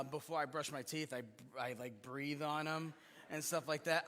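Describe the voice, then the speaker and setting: A man's voice: a little high, bright, forceful tone. A male pastor preaching a sermon in a conversational, joking manner, with fillers and restarts. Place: church sanctuary. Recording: long reverb in a church hall.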